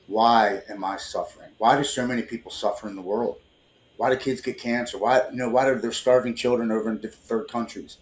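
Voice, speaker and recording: A man in his forties, a guest on a podcast, tells a personal story earnestly and with emotion, often repeating words as he starts sentences. His voice is lowish, with a bit of hiss or hum and a roomy echo on the recording.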